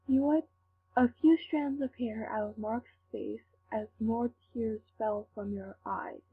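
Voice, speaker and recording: A woman reading fan fiction aloud, slowly and carefully. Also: on the high side, steady tone. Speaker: fanfic reader. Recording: tinny lo-fi with faint hum.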